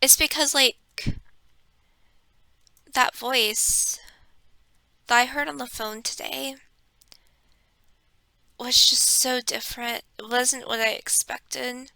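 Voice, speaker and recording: A woman talking casually about her life in an airy, breathy voice, soft and halting, sometimes slipping into a whisper. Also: high-pitched, steady tone, no room sound. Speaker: content creator. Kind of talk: casual personal talk.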